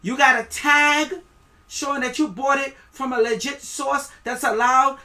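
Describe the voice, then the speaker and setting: A man's voice: very high-pitched, steady tone, a little slow, pitched above the performer's own voice, exaggerated voice. A man voicing a street-tough official who barks orders while confiscating people's food. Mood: menacing. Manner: loud, bossy, street-tough demands. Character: aggressive male official seizing people's food.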